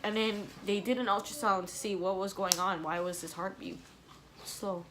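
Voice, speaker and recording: A woman's voice: medium pitch, steady tone, normal speed, noisy background. A young adult woman telling a personal story in a vlog, candid and emotional, sometimes tearful and apologizing. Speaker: vlogger.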